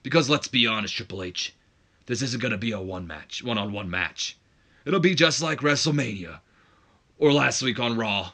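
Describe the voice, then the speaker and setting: A man putting on a boastful wrestling legend delivering a loud promo, as a jokey impression. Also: medium pitch, lively intonation, normal speed. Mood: hyped promo.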